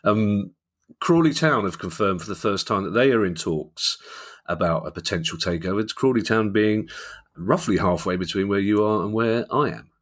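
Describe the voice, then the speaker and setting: A man's voice: fairly low pitch, normal speed. A man with a London accent co-hosting a podcast, telling jokey stories and laughing often. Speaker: podcast co-host. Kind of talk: casual chat.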